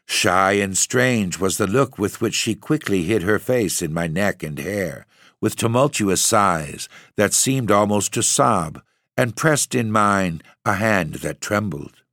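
A man narrating a gothic story in a measured, steady reading voice. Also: lowish voice, dry recording, clean studio sound. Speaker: narrator, podcast host.

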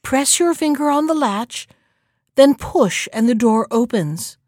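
A woman's voice: sits high, lively intonation, a little slow, a little mellow, no room sound, clean studio sound. A woman voicing a trusting, curious little girl in a storybook reading, eager and wide-eyed. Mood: chatty.

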